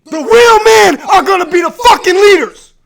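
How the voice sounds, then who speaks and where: High-pitched man ranting, shouting. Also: animated, normal speed, vocal fry. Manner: aggressive profane shouting rant. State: hoarse, losing his voice. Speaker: live stream host. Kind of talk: ranting live stream. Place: home man cave.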